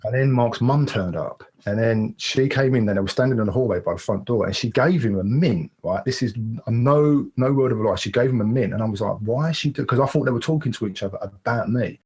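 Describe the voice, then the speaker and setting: A man's voice: medium pitch, fairly quick, few pauses, a little mellow, husky, muffled recording. A man candidly telling a personal story as a podcast guest, rambling and acting out the voices of the people he quotes.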